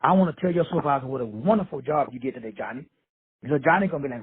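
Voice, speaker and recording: Middle-aged guy preaching hard over a tinny phone line, cussing a lot, husky voice. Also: medium pitch, racing. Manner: profane, brash, streetwise preaching. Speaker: motivational teacher. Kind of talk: blunt motivational talk. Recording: phone-line call audio.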